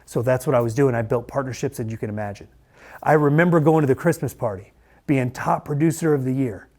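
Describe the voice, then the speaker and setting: A man's voice: medium pitch, a little fast, darkish tone. A middle-aged man, a mortgage lender turned coach, telling his personal story to camera in an earnest, conversational way that repeats phrases for emphasis.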